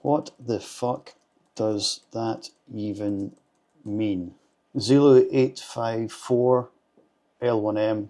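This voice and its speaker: A man's voice: lowish voice, steady tone, very slow, warm tone. A Scottish man, a vlogger, reading viewer comments aloud in casual chat, with blunt, sarcastic and sweary replies. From Scotland.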